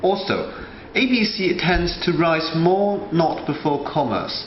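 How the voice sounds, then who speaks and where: A male student presenter reading a scripted analysis in a measured way. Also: on the high side, sing-song, slight background noise. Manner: reads a prepared analysis in a measured way. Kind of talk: scripted narration. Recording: roomy, slightly dull sound with faint ambience.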